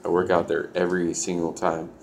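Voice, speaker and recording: A man's voice: low-pitched, level tone, brisk, vocal fry, a little hiss or hum. A young man telling a personal story in a loose, profane way, full of "like" fillers. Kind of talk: casual storytelling.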